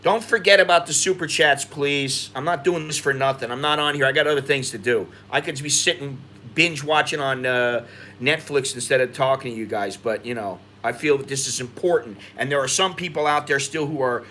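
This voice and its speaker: American man, livestream host, bright forceful voice, frustrated venting, faint background noise. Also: brisk. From United States. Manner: frustrated venting, rising in pitch when agitated. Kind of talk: casual livestream commentary.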